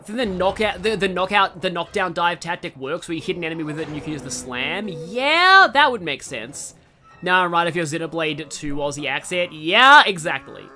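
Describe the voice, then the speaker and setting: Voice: mid-range voice, fairly quick, bright, forceful tone, faint music behind. A let's player giving casual, rambling gameplay commentary full of digressions.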